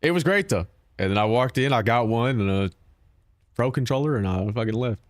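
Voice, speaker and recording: A man's voice: medium pitch, lively intonation, fairly quick, no echo, clean studio sound. Profane joking male streamer. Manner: profane, joking, talks back to chat. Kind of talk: casual stream chat with viewers.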